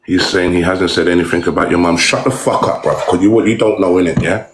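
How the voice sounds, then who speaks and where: A man's voice: low voice, quick pace, a little hiss or hum. A man ranting angrily on a phone livestream, swearing hard and taunting someone over and over. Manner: aggressive, swearing, repetitive taunts. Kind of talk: angry livestream rant. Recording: roomy echo.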